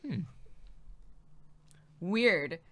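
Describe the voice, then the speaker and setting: A woman's voice: fairly low pitch, animated, extremely slow, a crowd in the background. A woman co-hosting a livestream with a playful, giggly manner, chatting casually and reading bits of articles aloud. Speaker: livestream co-host.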